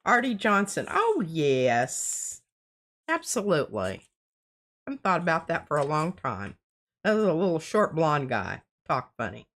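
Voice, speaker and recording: Older woman, lively chatty voice. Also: sits low, measured pace. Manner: laughs often, stammers and restarts. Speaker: co-host of live art stream. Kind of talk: casual chat while crafting, reading chat aloud.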